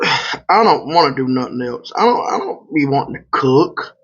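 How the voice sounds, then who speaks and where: A man's voice: medium pitch, lively intonation, normal speed, a bit bright, slightly rough. A man, a truck driver, chatting casually and rambling through stories while he eats in a hotel room. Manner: rambling, colloquial, loose. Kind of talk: casual storytelling while eating. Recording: slightly muffled lo-fi audio.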